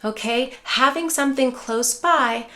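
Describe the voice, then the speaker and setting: A middle-aged woman, a dementia care specialist, giving a soft, soothing instructional talk and calling her viewers care partners. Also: high-pitched, unhurried. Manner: soft, soothing, repeats "care partners", drops to a gentle hush for example phrases. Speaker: neuropsychologist and dementia care educator.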